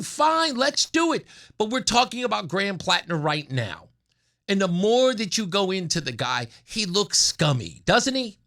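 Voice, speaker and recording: High-voiced mocking talk radio man. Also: pushed and bright. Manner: mocking, puts on whiny voices to ridicule opponents. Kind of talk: opinionated talk radio monologue.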